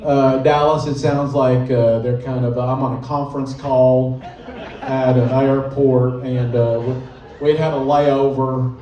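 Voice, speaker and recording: A man's voice: mid-range voice, flat delivery, measured pace, mellow, distant mic. A man performing a live stand-up set on a club stage, playful and loose, slipping into mock regional accents. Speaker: stand-up comedian. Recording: roomy live club sound with music.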